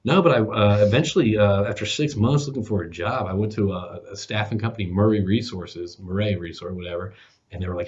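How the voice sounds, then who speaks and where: This podcast host, in his forties and appearing as a guest, speaks fairly quickly in a fairly low, slightly mellow voice. His career story rambles, thick with fillers and acted-out dialogue, during a casual interview. The recording has a dull, lo-fi podcast sound.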